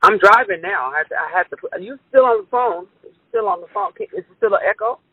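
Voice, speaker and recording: A woman on a phone call, chatting casually while driving, lively and laughing. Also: medium pitch, fast talker, creaky, slightly rough, no room sound. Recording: tinny phone line.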